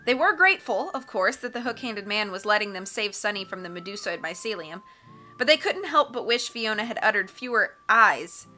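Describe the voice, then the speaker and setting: A woman narrating an audiobook in an expressive, measured way. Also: medium pitch, soft background music. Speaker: audiobook reader.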